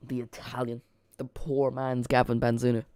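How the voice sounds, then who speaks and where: Streamer, male, casual match chat that loops back on itself; smooth, clean voice, dry close mic. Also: medium pitch, monotone, moderate pace, warm tone, dry recording. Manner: casual, rambling, repeats and corrects himself. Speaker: watch-along streamer. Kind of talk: live football watch-along commentary.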